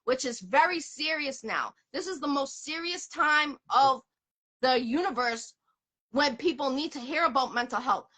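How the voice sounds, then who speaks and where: A woman's voice: sits high, normal speed, pushed and bright. A woman from the area, hosting an interview in blunt, profane, emphatic casual talk. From Boston area, USA. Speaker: interview host.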